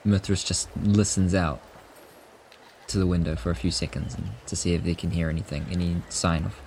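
A man playing a tabletop game who narrates his character's moves in a slow, drawn-out way. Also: deep voice, fairly even intonation, a little mellow, slight background noise. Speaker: player.

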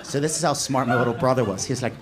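A man in his forties doing a stand-up comedy set, telling a story in an animated way and shouting when he voices characters. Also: medium pitch, very fast, heavy background noise. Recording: live club with audience laughter. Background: audience laughing.

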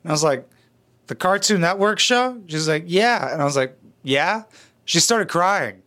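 A man's voice: fairly high pitch, animated, normal speed, bright, forceful tone. A man giving crude, sarcastic reaction commentary as a YouTuber, blunt and full of swearing.

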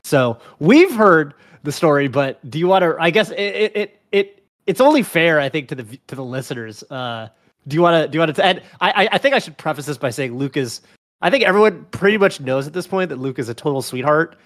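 A man's voice: on the high side, animated, fairly quick, fairly bright tone. A man co-hosting a gaming podcast in casual chat, rambling with many fillers and restarts. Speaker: podcast co-host.

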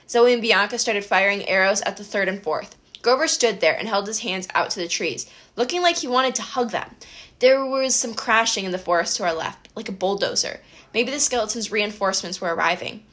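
A woman reading a first-person adventure audiobook with brisk, expressive storytelling. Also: medium pitch. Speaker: audiobook narrator.

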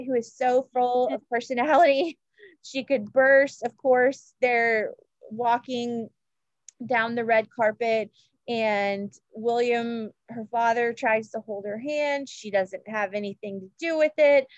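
A woman with a high-ish voice co-hosts a podcast, chatting gushingly about royal news with lots of fillers and restarts. The recording is dry and muffled.

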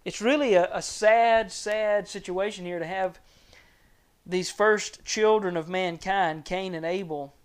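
A male preacher with a fairly high voice teaches from scripture in an earnest, measured sermon. He lets his voice drop soft and low when he reaches a grave point. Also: steady tone, clean tone.

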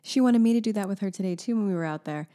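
A woman's voice: medium pitch, rapid-fire. A woman in her thirties chatting casually as a podcast co-host, animatedly telling stories about her young daughter. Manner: animated storyteller, mimics her toddler. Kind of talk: casual chat.

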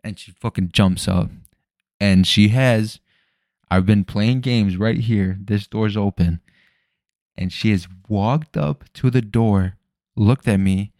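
A young man with a low, deep voice talks loosely into the mic. He rambles, swears freely and jumps between thoughts. The sound is dry and close. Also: slow, a little mellow, no room sound. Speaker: podcast host. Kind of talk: casual solo podcast chat. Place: home room at night.

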